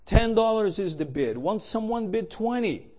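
A preacher voicing a persistent auctioneer. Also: male voice, high-pitched, animated, normal speed, dark tone, pitched above the performer's own voice. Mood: insistent. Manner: calling out bids insistently. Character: stern older male auctioneer, persistent.

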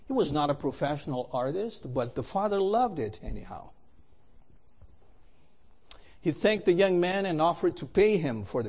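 A man's voice: a little high, darkish tone. A man telling a story in a sermon, with a dramatic and emphatic delivery. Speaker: preacher.

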